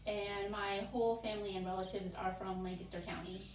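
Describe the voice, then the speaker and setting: A woman's voice: mid-range voice, level tone, brisk. A woman from Northern Virginia, a teen librarian, asking curious questions in a casual chat. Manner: curious, asks questions, uses "like". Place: historic tavern room, indoors. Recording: roomy, distant mic, faint background noise.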